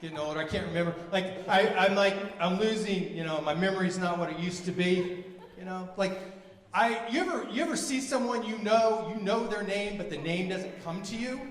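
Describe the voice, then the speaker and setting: A man in his forties performing a stand-up comedy set, telling exasperated stories and shouting his punchlines. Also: high-pitched, normal speed. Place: comedy venue with live audience. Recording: echoey venue from a distance, audience noise.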